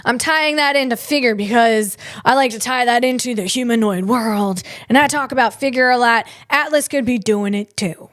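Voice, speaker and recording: A woman's voice: fairly high pitch, moderate pace, few pauses, a bit bright, no echo, clean studio sound. A woman hosting a casual tech comedy podcast, rambling and self-deprecating as she tells personal stories. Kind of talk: casual solo podcast chat.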